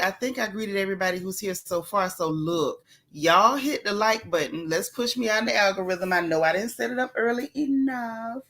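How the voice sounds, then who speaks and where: A woman hosting a casual live stream, greeting viewers one by one in a playful, chatty way. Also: on the high side. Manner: warm, playful, chatty banter with the chat. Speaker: livestream host greeting viewers.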